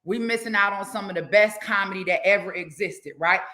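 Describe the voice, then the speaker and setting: A woman hosting a live talk show, chatting casually with her audience in an animated, exclamatory way. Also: medium pitch, a little fast. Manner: animated, exclamatory, laughing asides. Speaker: show host.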